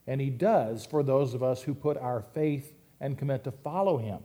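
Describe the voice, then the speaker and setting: Mellow-voiced man preaching a sermon. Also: mid-range voice. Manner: conversational preaching, emphatic rises and asides. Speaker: pastor.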